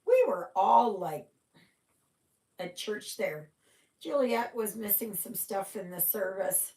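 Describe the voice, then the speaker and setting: A middle-aged woman talks unhurriedly to her livestream viewers while she stitches, her sentences often trailing off between yawns. Her voice sits at a medium pitch and carries the echo of an echoey room. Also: animated, slow, darkish tone. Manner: yawning, chatty, trailing off. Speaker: cross-stitch livestream host. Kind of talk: casual chat with live viewers.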